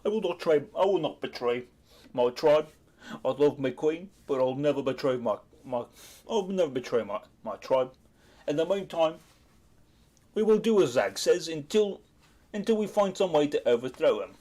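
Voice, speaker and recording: A man voicing a kindly old male goblin shaman with a Cockney accent, speaking earnestly and loudly. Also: fairly high pitch, animated, normal speed.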